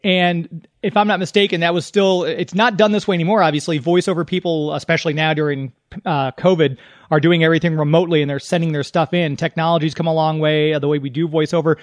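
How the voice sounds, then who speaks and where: A man's voice: on the high side, steady tone, fast, dry recording. A man hosting a radio interview show, eagerly asking rambling questions as an enthusiastic fan.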